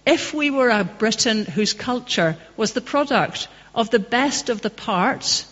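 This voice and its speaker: A woman from Northern Ireland answering audience questions after a public talk, conversational and passionate, telling anecdotes. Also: on the high side. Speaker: guest speaker. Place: public hall. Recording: dull echoey hall recording.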